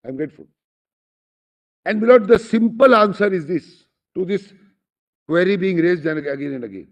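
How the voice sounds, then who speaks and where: On a dull, lo-fi courtroom recording, an Indian-accented lawyer argues formally before the bench, deferential but forceful and forever addressing the judges. His voice is high-pitched, gravelly and expressive, at a normal speed.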